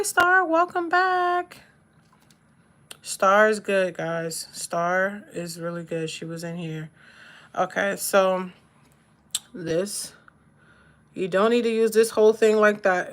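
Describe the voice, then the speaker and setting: Slow-talking woman live-streaming her makeup. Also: lowish voice, steady tone, fairly bright tone. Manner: slow, laid-back, playful and sarcastic. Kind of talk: casual live-stream chat with viewers.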